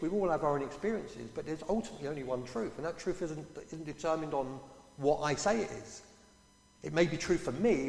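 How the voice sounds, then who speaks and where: A man's voice: fairly high pitch, creaky, a little mellow. A man preaching a sermon in a conversational way, putting questions to his congregation. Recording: echoey hall.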